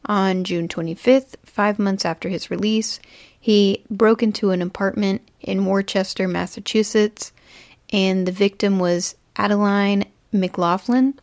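A young woman tells a true crime story in a flat, even voice that barely rises or falls. She reads from her notes, trips over a word here and there and fixes it. Her voice is recorded close and dry, with no room sound. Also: mid-range voice, measured pace, no room sound. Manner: reads from notes with slips and self-corrections. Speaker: podcast host. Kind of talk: true crime podcast narration.

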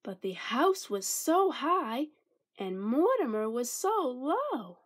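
Woman, storyteller, children's book read-aloud, high voice, lively sing-song pitch, expressive. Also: takes it slowly, slightly rough.

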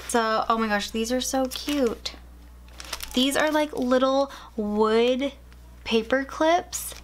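A young woman in casual chat, unboxing planner supplies at home, gushing and excitable with frequent gasps. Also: fairly high pitch, a little hiss or hum, low-quality recording. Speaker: planner vlogger. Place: home room.

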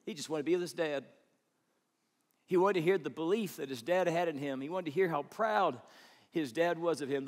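A man's voice: a little high, long reverb tail. A man preaching a sermon as pastor, speaking emphatically and repeating phrases for weight. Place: large church auditorium.

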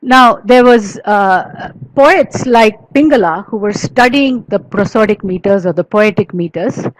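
A woman gives an academic lecture at a mid pitch, with a dry, close sound. She explains step by step, using many fillers and restarts, and counts out syllables and chants Sanskrit verse in a steady rhythm. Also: measured pace, no echo, low-quality recording. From India.

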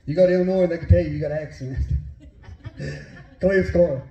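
A high-voiced male pastor with a West Virginia Appalachian drawl, mixing folksy storytelling with fervent preaching. His tone is deep-set and dark despite the high pitch. The sound rings in an echoey church room. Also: fairly even intonation, moderate pace, dull audio. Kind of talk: sermon with personal storytelling.

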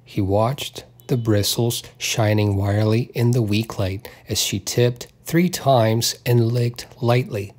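A man narrating a literary audiobook at a notably slow, deliberate pace. His pitch sits in an ordinary middle register, and he gives the characters small voiced touches without leaving his reading voice. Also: a little mellow.

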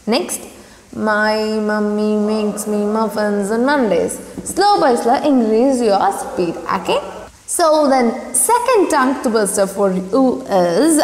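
A woman teaching an online English class to young children, speaking slowly and enunciating each word clearly to model pronunciation. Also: a little high, very animated. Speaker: primary school English teacher. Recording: echoey room with long reverb.

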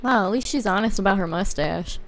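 A woman's voice: medium pitch, brisk. A young woman chatting casually while a friend plays a game, joking and rambling into a handheld mic. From United States. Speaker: co-player guest. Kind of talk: casual gameplay chat. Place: a friend's house.

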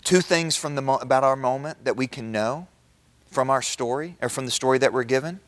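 A man giving a lively Christian talk to an audience, often stopping to quiz them with questions. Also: mid-range voice, fairly quick. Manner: animated, quizzes the audience with rhetorical questions. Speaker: Christian speaker addressing an audience.

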